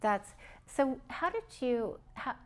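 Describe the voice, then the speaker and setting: A woman's voice: high voice, big pitch swings, slow. A woman host asking curious follow-up questions in an interview. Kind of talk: conversational interview.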